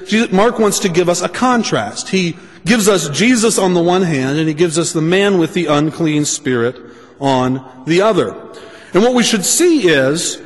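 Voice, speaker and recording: A man preaching a sermon, speaking deliberately and restating his points for emphasis. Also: a little high, big-room sound.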